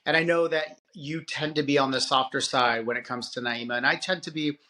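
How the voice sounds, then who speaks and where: A man co-hosting a parenting podcast, talking casually and in an animated way, often restarting his sentences. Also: medium pitch. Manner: animated, halting with restarts and filler. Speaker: podcast co-host. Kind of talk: casual conversation.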